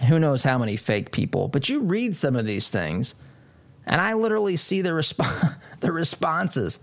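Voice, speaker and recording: A man's voice: on the high side, big pitch swings, fairly quick, creaky. A man hosting a political talk radio show, delivering an emphatic monologue with mocking asides. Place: studio.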